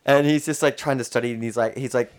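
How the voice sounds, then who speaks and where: A young man in casual chat, telling a school story in a relaxed, chatty way. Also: mid-range voice, fast, no room sound.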